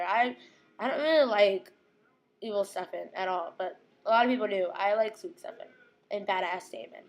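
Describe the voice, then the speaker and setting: A young woman casually recapping a TV episode, gushing, giggling and quoting characters in quick impressions. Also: mid-range voice.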